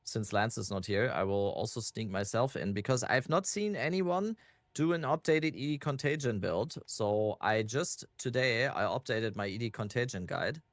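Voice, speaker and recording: A man's voice: mid-range voice, moderate pace, no room sound. A man chatting casually as a guest on a stream, easygoing with a dry humor, on a wireless headset.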